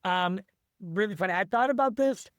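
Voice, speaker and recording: An eager man chats about his writing in a casual interview, his high voice smooth and resonant. He rambles and restarts his sentences often. The sound is dry and close. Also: normal speed, fairly bright tone, dry recording. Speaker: author being interviewed.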